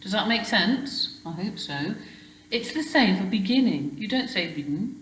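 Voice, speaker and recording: A woman's voice: mid-range voice, lively intonation, measured pace, a bit bright, reverberant, slight background noise, poor audio. A woman teaching a children's spelling lesson, explaining patiently step by step and checking with questions. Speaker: primary school teacher.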